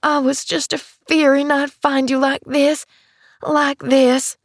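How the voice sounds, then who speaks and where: A plain-spoken country housemaid, played by a woman reader, brisk and motherly with a homespun dialect. She speaks slowly in a dry, close recording. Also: sits high, level tone, no echo, voice pushed up. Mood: crooning. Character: kindly rustic young housemaid, plain-spoken.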